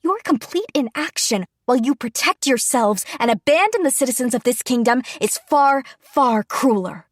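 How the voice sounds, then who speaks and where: A woman voicing a sharp-tongued young noblewoman in an audiobook, cutting and reproachful. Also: high voice, expressive, normal speed, hardly any pauses, dry recording, clean studio sound, pitched above the performer's own voice.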